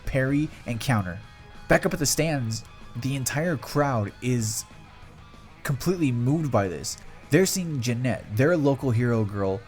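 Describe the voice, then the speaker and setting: A young man narrating a fan story in a loose, conversational play-by-play with run-on phrasing. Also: medium pitch. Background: faint guitar music.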